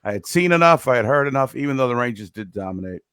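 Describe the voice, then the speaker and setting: A man's voice: mid-range voice, animated, fast talker, a bit bright, smooth, dry recording, clean studio sound. A man with a New York accent co-hosting a casual fan podcast, joking and bantering. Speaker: podcast co-host. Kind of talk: casual hockey fan chat.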